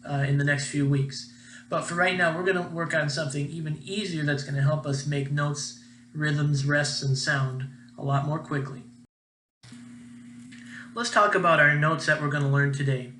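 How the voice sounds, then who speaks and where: A man's voice: a little high, normal speed, fairly bright tone, echoey room, slight background noise, low-quality recording. A young man, a music teacher, giving a patient, encouraging recorded class lesson.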